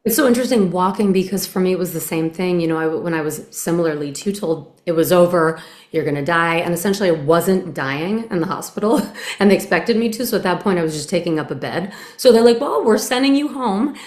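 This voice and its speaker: Female interview host, lowish voice, earnest and reflective; roomy echo on the recording. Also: quick pace, darkish tone. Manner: earnest, reflective, many quoted inner thoughts. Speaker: podcast host. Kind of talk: conversational interview.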